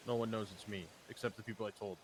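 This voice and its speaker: A young man streaming a role-play game, chatting in character in a hesitant, soft-spoken way that often trails off. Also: fairly low pitch, steady tone, fast talker, a little hiss or hum. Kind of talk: casual in-character game chat.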